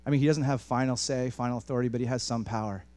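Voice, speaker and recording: A male pastor preaches a sermon rapid-fire in a mid-range voice. He's animated, often restarting words and speaking directly to the congregation.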